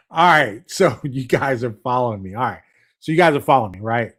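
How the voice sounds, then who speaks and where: A man's voice: medium pitch, animated, moderate pace, a bit bright, slightly rough. A man hosting a casual live stream, chatty and repetitive, often checking whether viewers are following. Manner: chatty, repeats himself and keeps checking in with the audience.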